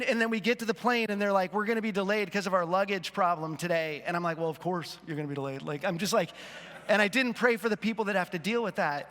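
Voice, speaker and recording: A pastor in his fifties tells a self-deprecating story during a sermon to his church in a church auditorium. His voice is high-pitched and a bit bright, carried by long hall reverb.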